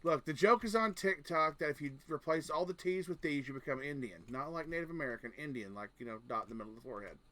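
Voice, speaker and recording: A man's voice: fairly high pitch, animated, fast, few pauses, sharp tone. A man streaming a game, chatting casually in a rambling, joking and crude way. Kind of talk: casual gaming chat.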